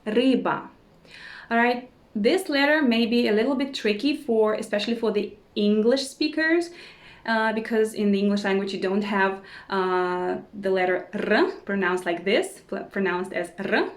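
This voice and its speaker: A woman teaching a language lesson who says each word slowly and repeats it several times, with short words of encouragement. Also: mid-range voice, reverberant. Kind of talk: slow repeat-after-me pronunciation lesson.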